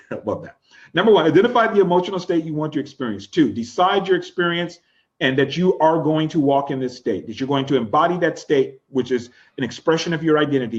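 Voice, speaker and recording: A man's voice: on the high side, dull audio. A man teaching an online class, coaching listeners through steps and acting out the tones of voice he describes. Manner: coaching, demonstrates vocal tones.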